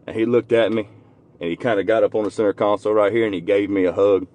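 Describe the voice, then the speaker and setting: A man's voice: fairly low pitch, fairly even intonation, quick pace. A man, telling a heartfelt personal story in a folksy, earnest way from inside his car. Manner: earnest, folksy, grows quiet and emotional. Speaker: vlogger.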